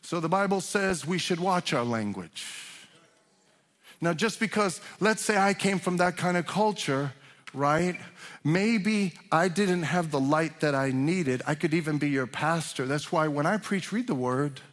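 A man's voice: a little high, animated, unhurried, fairly bright tone. A man preaching a sermon as pastor, talking conversationally with frequent restarts and rising in emphasis on key points. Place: church sanctuary. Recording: long hall reverb.

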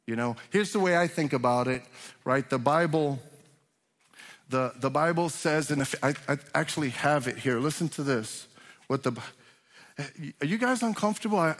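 A man preaching a sermon as pastor, talking conversationally with frequent restarts and rising in emphasis on key points. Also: on the high side. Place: church sanctuary. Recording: long hall reverb.

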